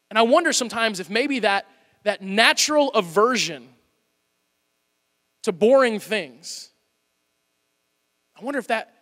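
A man in his thirties preaching a sermon in a church, animated and conversational with playful asides. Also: high-pitched. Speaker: pastor. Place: church auditorium. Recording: hall reverb.

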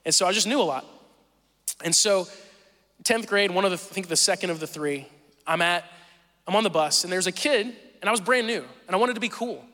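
A man in his thirties with a Southern accent, preaching a sermon and telling animated, self-deprecating stories from his own life. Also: high-pitched, brisk, long pauses, long reverb tail. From Southern Missouri. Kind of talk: sermon with personal storytelling.

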